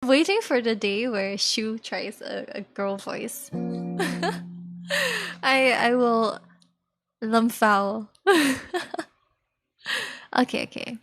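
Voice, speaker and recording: A woman's voice: on the high side, extremely slow, long pauses, fairly bright tone, faint music behind. A young woman streamer chatting casually with viewers between karaoke songs, giggly and rambling.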